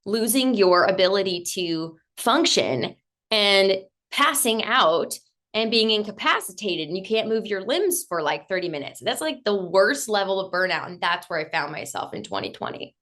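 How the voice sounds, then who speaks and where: A woman in her late thirties, talking as a guest in an interview. She tells her own story candidly and with lively energy, and she slips into acting out what she thought back then. Her voice sits at a middle pitch for a woman. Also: moderate pace. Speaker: podcast guest.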